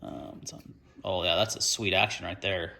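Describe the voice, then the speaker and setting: A man's voice: sits low, fairly even intonation, moderate pace, creaky, sharp tone. A man hosting an unboxing video, talking casually and ranting in frustration about the gear.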